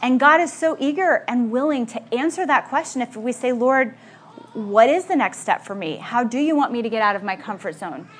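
An earnest woman delivers a sermon with a fairly high voice. She is emphatic and keeps asking her listeners direct questions. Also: animated, brisk, husky. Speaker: speaker at a Christian gathering.

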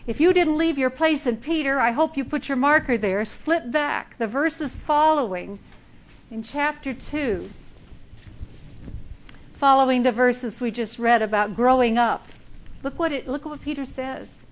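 A woman's voice: high voice, unhurried. A middle-aged woman giving a sermon, emphatic and telling personal stories. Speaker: speaker.

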